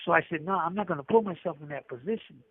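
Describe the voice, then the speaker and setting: A man's voice: a little high, very fast, breathy edge, no room sound. A middle-aged man, an inmate, telling a rambling story and acting out the dialogue with many restarts, over a phone call. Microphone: prison telephone. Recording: tinny dry phone line.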